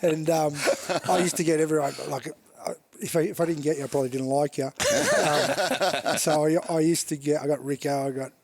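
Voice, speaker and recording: This middle-aged Australian man tells his stories in a fairly high voice. He laughs as he goes and swears freely. A faint hiss sits behind him. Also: sing-song, normal speed, gravelly, hardly any pauses. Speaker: podcast guest, former rugby league player. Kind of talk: casual chat, storytelling.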